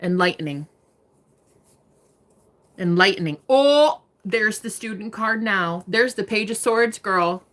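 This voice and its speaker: A woman's voice: mid-range voice, animated, slow, long pauses, fairly bright tone. A young woman giving live-stream tarot readings, chatting casually, swearing freely and laughing often. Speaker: tarot reader.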